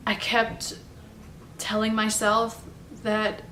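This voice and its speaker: A young woman telling a personal story in a halting, confessional way, at home. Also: medium pitch, completely flat delivery, far from the mic. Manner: halting, confessional, soft-spoken. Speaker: vlogger telling her story. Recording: roomy, off-mic, faint background noise.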